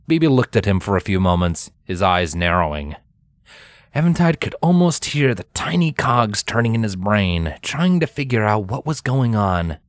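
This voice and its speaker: A man narrating a fanfiction story aloud in steady storytelling style, acting out the dialogue. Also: lowish voice, moderate pace, no room sound, clean studio sound. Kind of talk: fanfiction reading.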